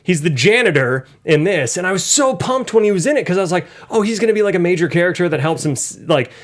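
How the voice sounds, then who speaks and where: A man co-hosting a casual movie podcast, joking and swearing as he recaps scenes. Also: high voice. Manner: animated, swearing, quick asides. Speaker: podcast co-host.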